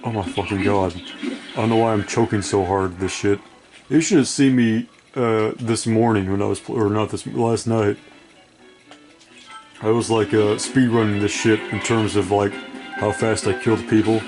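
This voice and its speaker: A man's voice: on the low side, steady tone, moderate pace, over music. A sleep-deprived man giving rambling, profane, self-deprecating commentary while playing a video game. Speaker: gaming video creator. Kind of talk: casual gameplay commentary.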